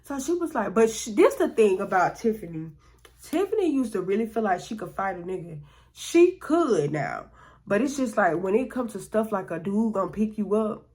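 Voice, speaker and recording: A woman's voice: medium pitch, darkish tone. A woman telling a personal story in a casual, slangy way, often acting out what other people said. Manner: slangy, conversational, acts out quoted voices. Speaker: storytime vlogger.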